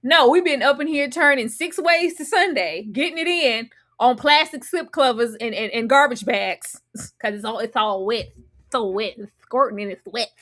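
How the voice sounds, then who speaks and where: Woman, reality show reviewer, sassy, slangy, animated, slightly high voice. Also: normal speed. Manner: animated, sassy, slangy, with sudden loud outbursts. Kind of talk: casual commentary.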